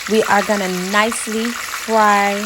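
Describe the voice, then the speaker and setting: A young woman walks viewers through a home cooking recipe in a loose, chatty way, calling them "y'all" as she goes. Her voice sits at an ordinary middle pitch and her pace is slow and unhurried. A faint sizzle of frying runs low behind her. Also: little pitch movement, noisy background. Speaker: home cook vlogger. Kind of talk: casual cooking tutorial. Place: home kitchen.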